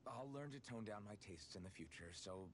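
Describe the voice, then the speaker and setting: A man's voice: lowish voice, lively intonation, brisk, slight background noise, lightly acted. A man voicing an earnest, blunt young adventurer in a dubbed video game cutscene, plain-spoken and direct.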